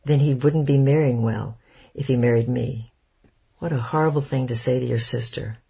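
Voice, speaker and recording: A man's voice: mid-range voice, fairly even intonation, moderate pace, gravelly, slightly rough. A man voicing a hot-tempered young woman. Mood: angry. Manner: sharp, defiant retorts.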